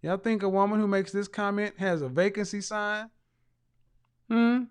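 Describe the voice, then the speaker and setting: A man's voice: sits high, steady tone, moderate pace, smooth. A man hosting a casual livestream, reading out viewer comments in a mocking, teasing way. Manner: bursts of loud laughter. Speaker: live show host reading viewer comments.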